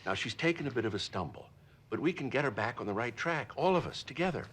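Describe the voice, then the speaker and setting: An actor playing a stern, formal older father with a measured, authoritative way of speaking in a TV comedy-drama. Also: mid-range voice, lively intonation, fairly bright tone.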